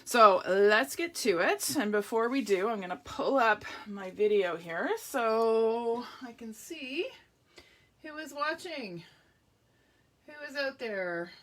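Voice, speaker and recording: A woman's voice: a little high, expressive, slow. Lady doing a live craft stream, friendly and chatty, bit of a frog in her throat. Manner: chatty, greets viewers by name. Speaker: papercraft demonstrator. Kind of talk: live card-making demo.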